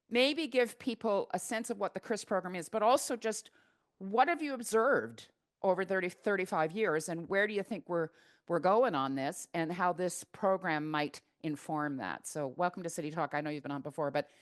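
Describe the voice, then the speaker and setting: Low-voiced chatty woman hosting online. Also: moderate pace. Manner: chatty and teasing, with many fillers and restarts. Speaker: webinar host. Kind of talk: casual live webinar hosting. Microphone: video call.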